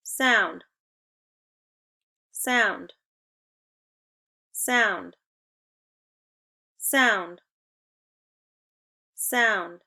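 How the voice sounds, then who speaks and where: A young woman teaching an online spelling lesson to second graders, upbeat and encouraging, giving clear step-by-step instructions. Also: mid-range voice, very slow, long pauses, sharp tone.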